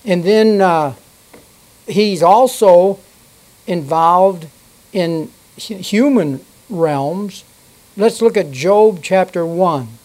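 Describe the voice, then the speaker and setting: Bible teacher, slow delivery, mellow dark tone, reading scripture then explaining it. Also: mid-range voice, rough recording. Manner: unhurried, reads from notes and corrects itself aloud.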